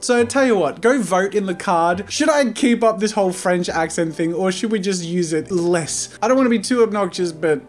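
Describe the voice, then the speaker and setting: A man hosting a let's play video, chatting enthusiastically with quick asides to his viewers. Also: sits high. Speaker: host. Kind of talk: game let's play commentary.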